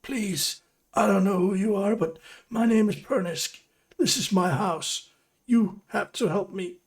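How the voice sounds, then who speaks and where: A man's voice: sits high, measured pace, voice pushed up. A man with a Danish accent voicing a terrified, beaten male captive who sobs and begs for help. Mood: frantic. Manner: sobbing, begging, shaky.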